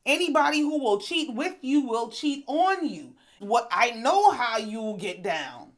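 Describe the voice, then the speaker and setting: A woman hosting a casual reality TV recap, telling the story in a sassy, animated way and acting out the quotes. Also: on the high side, measured pace. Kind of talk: casual commentary.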